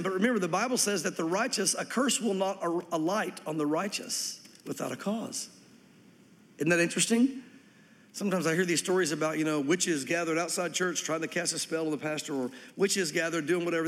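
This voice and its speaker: A man's voice: high-pitched, a little fast, a bit bright, big-room sound. A man preaching a sermon as pastor, reading scripture and acting out quoted voices with animation.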